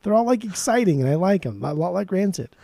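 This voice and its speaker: A man's voice: high-pitched, big pitch swings, fast, creaky, mellow. A man co-hosting a podcast, talking bluntly and jokily in casual chat, with plenty of swearing. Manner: blunt, profane, jokey. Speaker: podcast co-host.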